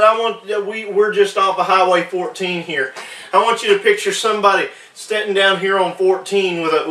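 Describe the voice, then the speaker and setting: Bright-voiced preacher in echoey church. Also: male voice, high-pitched, far from the mic. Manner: emphatic preaching with many restarts. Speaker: pastor. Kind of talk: sermon.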